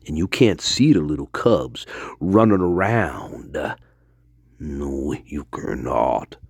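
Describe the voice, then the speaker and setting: A man playing a rambling, profane old Delta storyteller with a husky, gravelly voice, drifting off into digressions. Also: lowish voice, no echo, exaggerated voice. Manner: rambling, profane, digressive, jumps between hushed mutters and loud outbursts. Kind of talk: improvised comedic monologue.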